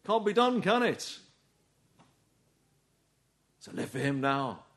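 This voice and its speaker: A man's voice: on the high side, very animated, unhurried, pauses often. A man preaching a sermon, earnest and urging, often putting rhetorical questions to his listeners.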